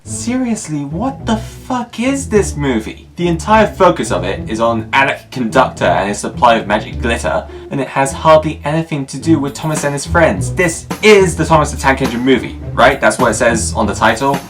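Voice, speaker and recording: A man rants through a comedic review with a sarcastic, exasperated edge. His pitch leaps around a lot, and music plays under his voice. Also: expressive, a little fast, hardly any pauses. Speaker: video reviewer.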